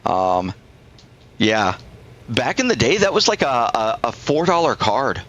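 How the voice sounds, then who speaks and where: A man's voice: medium pitch, very animated, a little slow, a bit bright, muffled recording. A middle-aged man on a live stream, telling a rambling anecdote and acting out both sides of the conversation. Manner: rambling storyteller, acts out both sides of the dialogue.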